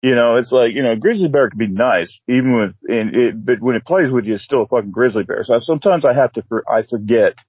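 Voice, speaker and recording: Husky, rambling podcast host guy. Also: medium pitch, fast, few pauses, no room sound, highs cut off. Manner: rambling, profane, keeps saying "man". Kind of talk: casual interview chat.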